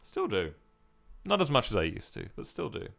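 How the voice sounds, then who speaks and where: A man's voice: lowish voice, wildly swooping pitch, normal speed, gravelly, fairly bright tone. An Australian man from Victoria, chatting casually on a live stream as he reads and answers viewer comments.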